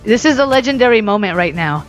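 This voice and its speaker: A woman giving playful gaming commentary as a video host, giggly and excitable, breaking into high squealing outbursts. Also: fast talker, dull audio, soft background music.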